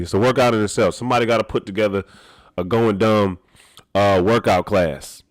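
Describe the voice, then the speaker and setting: A man who talks loudly and laughs often, chatting casually to his live-stream audience as a dancer. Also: fairly low pitch, fairly quick. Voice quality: talks loud. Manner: animated and laughing, slangy.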